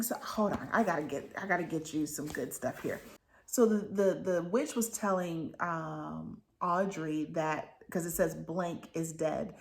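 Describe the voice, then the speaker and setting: A woman giving a casual book talk, retelling the plot in a rambling way with many restarts. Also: on the low side. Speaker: book reviewer.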